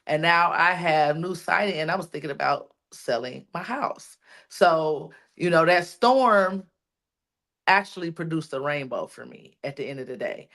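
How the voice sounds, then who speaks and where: A woman's voice: deep voice, lively intonation, measured pace, fairly bright tone. A woman on a podcast sharing a personal testimony, repeating lines for emphasis like a preacher. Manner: repetitive, preacherly encouragement. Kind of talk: emotional testimony.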